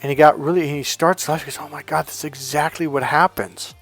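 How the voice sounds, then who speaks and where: A man talking as a life coach, telling a story casually and acting out the dialogue with lively changes in voice. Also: fairly high pitch, fast talker, faint music behind. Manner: animated, acts out quoted dialogue.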